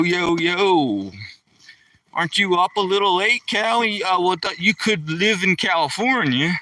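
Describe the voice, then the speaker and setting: A man's voice: fairly high pitch, bright, forceful tone, no echo, distant mic. An older retired man with a Philadelphia accent, chatting casually with viewers on a night-time live stream while walking his dog outdoors, greeting them with a playful "yo, yo, yo.".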